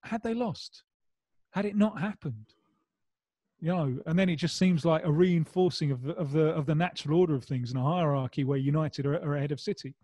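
A man's voice: on the high side, a little fast, mellow, no room sound. A man with a Mancunian accent, a guest in a casual football chat, rambling with restarts and wry humour. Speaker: guest pundit. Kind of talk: casual discussion.

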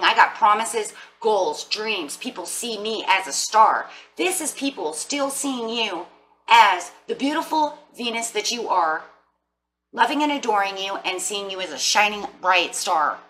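A woman's voice: mid-range voice, pushed and bright, a little hiss or hum. Middle-aged woman doing a sassy chatty tarot reading, a bit far from the mic. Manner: playful, sassy, chatty with laughs. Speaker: tarot reader.

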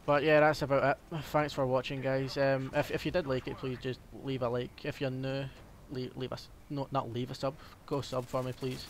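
A young Scottish man chats through his gameplay in a hesitant, meandering way, filling gaps with ums and restarts. His voice sits at an ordinary pitch but barely rises or falls. A faint hiss runs under his voice. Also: little pitch movement, normal speed, few pauses. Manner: rambling and hesitant, many ums. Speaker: gaming commentator. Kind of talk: casual gameplay commentary.

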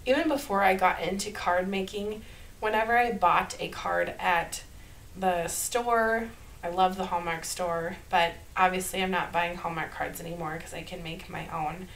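A woman with a Minnesota accent, talking through a card-making tutorial in a chatty, upbeat way and laughing softly at herself. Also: on the low side, steady tone, normal speed, slight background noise, poor audio. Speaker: card-making channel host. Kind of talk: casual craft tutorial voice-over.

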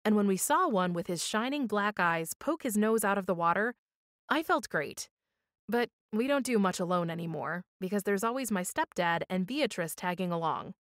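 A woman reading a children's story aloud for storytime, with expressive, measured storytelling. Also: mid-range voice, no echo, studio quality. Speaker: storytime reader.

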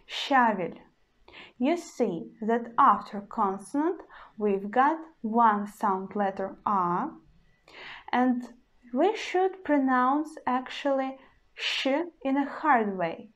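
A woman teaching pronunciation, saying each example word three times in a patient, careful way. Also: a little high. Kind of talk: slow, deliberate language lesson.

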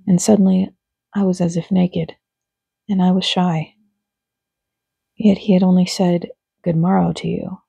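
A reader giving a slow, hushed, solemn dramatic reading of a first-person monologue. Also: medium pitch, little pitch movement, vocal fry, husky, dry recording. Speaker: audiobook reader.

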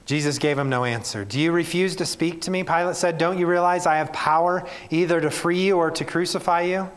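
A male pastor reading scripture aloud and preaching earnestly to his church. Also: fairly high pitch. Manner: reads scripture then speaks plainly and earnestly to the congregation. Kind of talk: sermon.

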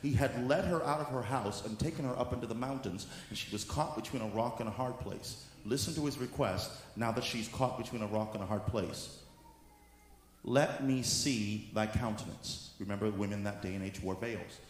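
A male apostle preaching a sermon, moving from soft teaching into shouted exhortation. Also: mid-range voice, fairly quick, few pauses. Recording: echoey hall with faint room noise.

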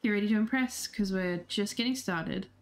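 A woman's voice: medium pitch, moderate pace, soft background music. Playful woman streamer reading a game aloud. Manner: playful and giggly, reacts to chat.

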